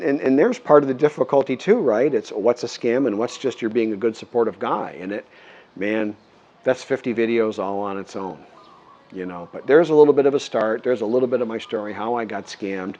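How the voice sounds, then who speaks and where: A man's voice: mid-range voice, fairly quick, a little mellow, muffled recording. A man vlogging, telling a story in a rambling, earnest way with many restarts. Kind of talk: casual storytelling to camera.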